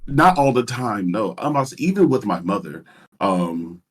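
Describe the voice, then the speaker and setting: A caller on a voice chat, a man with a very low, breathy voice. He talks quietly and haltingly, restarting his sentences often. He sits a bit far from his call mic. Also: very animated. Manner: soft-spoken and halting, full of restarts. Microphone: voice call mic held too far away.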